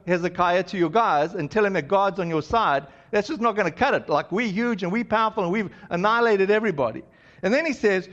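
A man's voice: high-pitched, expressive, brisk, a bit bright. A man preaching a sermon as pastor, in a loose, conversational way with many fillers and restarts, on dull lo-fi audio.

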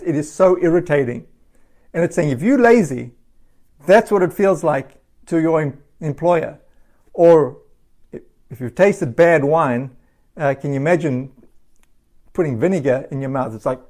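A man with a slightly high voice delivers a sermon in an easy, conversational way. He tells stories and laughs now and then. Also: darkish tone. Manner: casual storytelling with laughs.

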